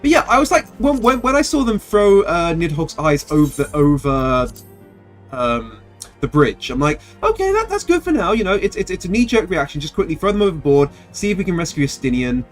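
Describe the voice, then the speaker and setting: Brief: a male streamer, rambling casual game commentary, fairly high and very lively, faint music underneath. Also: fairly quick. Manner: animated and rambling, with restarts.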